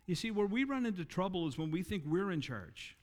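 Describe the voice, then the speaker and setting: A man preaching a sermon in an earnest way, rising louder and higher to stress his points and slowing on key lines. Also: big pitch swings. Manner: earnest, rises in pitch and volume for emphasis, slows on key lines. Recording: long reverb in a hall.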